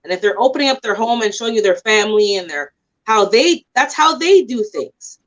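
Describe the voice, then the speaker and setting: A woman's voice: mid-range voice, lively intonation, a little fast. A woman chatting casually on a livestream, greeting viewers as she talks. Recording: dull lo-fi stream audio.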